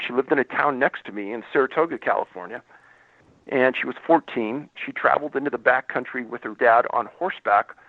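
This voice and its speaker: A former law enforcement investigator tells a story as a guest on a radio interview, acting out the dialogue as he goes. His mid-range voice comes over a dry, tinny phone line with no echo.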